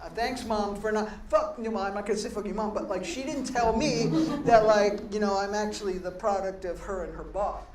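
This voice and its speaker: A man's voice: high voice, brisk, hardly any pauses, crowd noise. A middle-aged man, a poet performing live in a gallery, who chats in a rambling, profane, self-deprecating way between readings. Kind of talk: live spoken-word performance with banter. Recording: echoey room, distant mic, faint noise.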